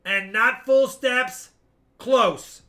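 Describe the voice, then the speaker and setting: A man hosting a live-stream coin auction, explaining each lot at length with quick asides. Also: very high voice, bright, forceful tone. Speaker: coin seller and stream host.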